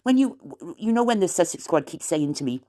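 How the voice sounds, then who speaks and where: A woman's voice: on the low side, very animated, brisk, mellow. A woman with a South Welsh accent, chatting to camera in a rambling, wandering way and slipping in aggrieved asides. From South Wales. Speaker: vlogger. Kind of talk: rambling late-night chat to camera.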